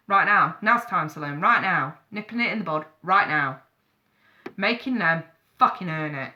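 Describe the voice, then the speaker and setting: A tarot reader with a fairly low, lively voice gives a live-streamed reading at a normal pace, calling viewers darling and sweetheart. She's chatty and blunt, offering frank advice laced with swearing, and the audio has its highs cut off.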